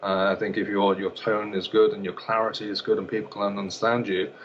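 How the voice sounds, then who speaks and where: A man's voice: lowish voice, level tone, brisk, highs cut off, a little hiss or hum. A man, an elocution teacher, answering interview questions hesitantly, with many fillers and repeated words.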